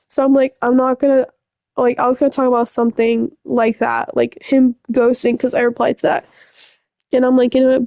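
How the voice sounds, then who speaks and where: A woman's voice: high voice, flat delivery, a little fast, mellow, no echo, clean studio sound. A young woman telling a breakup story to the camera in a rambling, upset way, full of fillers and swearing. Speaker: vlogger. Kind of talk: casual storytime rant.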